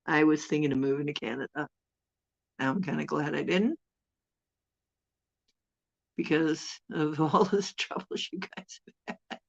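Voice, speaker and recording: A woman's voice: low voice, fairly even intonation, measured pace, vocal fry, pauses often, dull audio. A woman hosting a casual live chat with viewers, rambling and chuckling as she teases them. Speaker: host.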